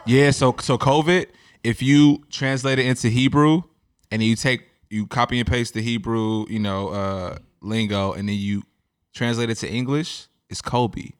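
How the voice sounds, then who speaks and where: A man's voice: medium pitch, fairly even intonation, measured pace, smooth, no echo, studio quality. A man co-hosting a podcast in casual, slangy chat, arguing his point insistently. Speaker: podcast co-host.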